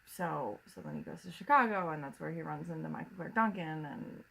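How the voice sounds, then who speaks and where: A woman co-hosting a podcast, chatting casually with blunt, quick reactions. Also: low voice, creaky, crowd noise, poor audio. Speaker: podcast co-host. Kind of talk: casual chat.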